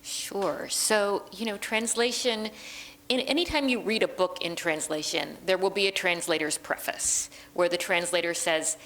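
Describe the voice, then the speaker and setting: A woman translator and librettist talking through her craft in a relaxed interview, thoughtful and chatty, often pausing with ums. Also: lowish voice, rough recording. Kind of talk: conversational interview.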